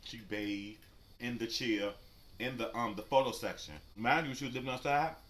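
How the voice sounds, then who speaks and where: A man vlogger telling a story casually while he eats, animated and profane, and talking straight to his viewers. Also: medium pitch, moderate pace. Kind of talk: casual storytelling during a mukbang.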